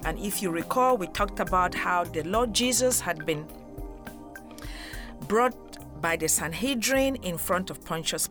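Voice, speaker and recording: A woman giving an earnest devotional Bible teaching, emphatic and speaking straight to the listener as a friend. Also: lowish voice.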